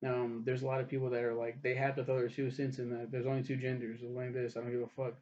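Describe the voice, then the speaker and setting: A man's voice: medium pitch, monotone, quick pace, hardly any pauses, darkish tone. Profane rambling male TV reviewer. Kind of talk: casual spoken review. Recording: dull lo-fi recording.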